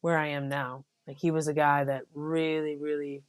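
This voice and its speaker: A young adult woman from the United States, a Marine officer guest, telling stories in a relaxed, casual way with many fillers. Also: low voice, normal speed, clear, resonant tone. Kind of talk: casual interview.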